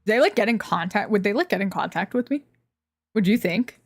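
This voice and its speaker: A woman's voice: mid-range voice, lively intonation, brisk, soft background music. A young woman streamer chatting casually, rambling and swearing, often laughing at her own jokes.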